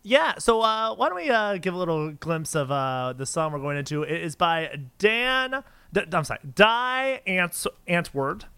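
A man's voice: high-pitched, big pitch swings, normal speed, sharp tone, clean tone, no room sound. A man hosting a podcast in casual chat, laughing often and tripping over names. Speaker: podcast host.

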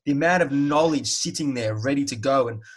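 A man's voice: mid-range voice, a little fast, husky, rough recording. A man hosting a podcast, asking long, rambling questions with frequent restarts in a chatty way. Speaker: podcast host. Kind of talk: conversational interview.

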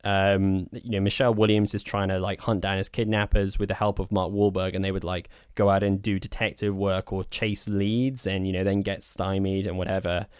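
Guy, lowish voice, casual opinionated film podcast chat, dry close sound. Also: level tone, moderate pace, hardly any pauses, smooth, no echo. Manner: opinionated, talks in loose spoken asides. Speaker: podcast co-host.

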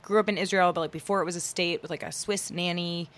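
A woman's voice: fairly low pitch, steady tone, fast talker, fairly bright tone. A woman from Georgia, a guest on a podcast, talking casually in a hesitant, rambling way with many restarts. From Athens, Georgia, US. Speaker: podcast guest, magazine editor. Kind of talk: casual interview chat.

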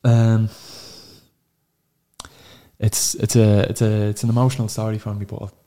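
A man in his thirties with an Irish accent, a podcast guest telling an emotional personal story, halting and sorrowful, swearing freely. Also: fairly low pitch, little pitch movement, mellow. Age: 30s.

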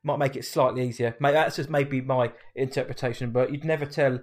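A man's voice: mid-range voice, steady tone, brisk. A man co-hosting a podcast, talking casually and with enthusiasm. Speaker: podcast co-host.

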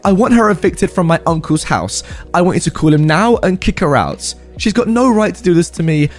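A man's voice: expressive, a little fast, faint music behind. A man voicing a furious, entitled young woman who rants and makes demands as she screams. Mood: ranting. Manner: shrill, ranting, demanding.

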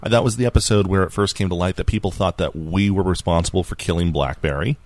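A man's voice: low voice, quick pace, darkish tone, dry recording. A man hosting a podcast, chatting casually, laughing easily and reading out listener feedback. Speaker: podcast host.

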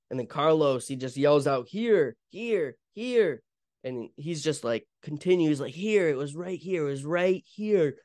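A man's voice: mid-range voice, darkish tone, clear, resonant tone, no echo. A young man hosting a podcast, retelling an event in a casual, rambling way with many fillers and restarts. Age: young adult. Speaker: podcast host. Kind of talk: casual storytelling monologue.

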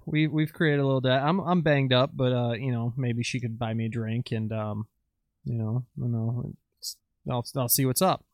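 A man's voice: medium pitch, fairly even intonation, moderate pace, no room sound. A man playing a tabletop game, laid-back and hesitant, swearing in casual chat. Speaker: player.

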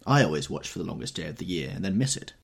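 A woman's voice: very deep voice, big pitch swings, rapid-fire, gravelly, husky, heavily acted. A man reading an audiobook, voicing a flighty young society wife in a lilting, dramatic, raised voice.

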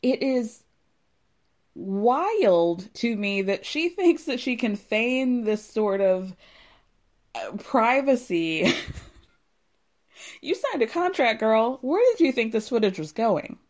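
Yeah so young woman doing a podcast recap, super animated, snarky, cusses a lot, acts out what everyone said. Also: on the high side, slow pace, long pauses. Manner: animated, sarcastic, swears freely, acts out quotes. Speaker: podcast host recapping a reality show. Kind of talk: casual recap commentary.

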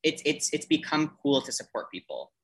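A man's voice: fairly high pitch, big pitch swings, normal speed, gravelly, a bit bright, breathy edge, low-quality recording. A man in his thirties, a theater performer chatting as a guest, rambling with many restarts and fillers. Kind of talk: casual podcast chat.

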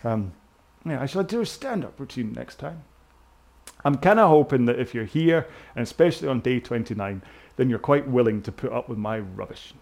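A man's voice: mid-range voice, animated, normal speed, gravelly, darkish tone. A British man coaching a rowing workout, talking casually and rambling in a self-mocking way. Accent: British English. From Britain. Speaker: rowing instructor. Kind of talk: casual talk over a row-along workout.

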